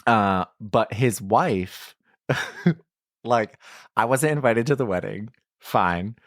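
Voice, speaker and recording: Casting: low-pitched male podcast co-host, animated and gossipy, swears casually, dry close mic. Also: slow pace, dry recording. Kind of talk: casual chat.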